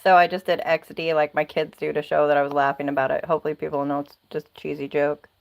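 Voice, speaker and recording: A woman's voice: sits low, level tone, fast talker, gravelly, low-quality recording. A woman hosting a casual livestream, chatty and rambling, laughing often, talking into a phone or laptop mic. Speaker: livestream host.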